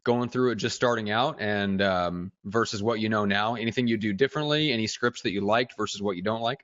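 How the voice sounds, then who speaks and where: A man's voice: on the low side, fairly quick, fairly bright tone, lo-fi sound. Teasing male co-host asking questions. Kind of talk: casual interview chat.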